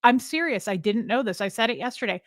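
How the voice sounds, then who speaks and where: A woman livestream host talks fast with lively intonation in a voice that's a little high, rambling between topics and welcoming viewers by name in casual live chat. The recording is dry with clean studio sound.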